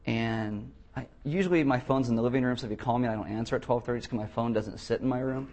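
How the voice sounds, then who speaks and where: A man's voice: mid-range voice, fast talker, darkish tone. A man preaching a sermon as pastor of a church, telling blunt stories with jokes. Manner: blunt, joking storyteller. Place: church, before a congregation.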